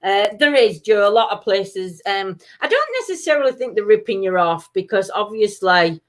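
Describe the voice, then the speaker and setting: This talk show co-host from Sheffield, England, speaks in a South Yorkshire accent at medium pitch with lively intonation and normal speed. Chatty and giggly, she laughs often while reading out viewer comments on a casual live stream.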